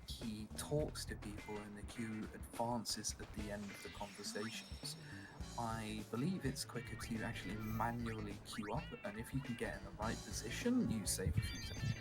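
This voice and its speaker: A man giving casual, joking commentary on a game speedrun and explaining its strategy. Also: on the low side. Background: game music.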